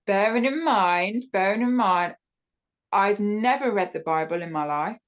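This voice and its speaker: A woman from the United Kingdom with a British accent, a podcast guest telling a personal story in a casual, animated way, with many fillers and restarts. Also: mid-range voice, measured pace, lo-fi sound. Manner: laughs often while telling the story.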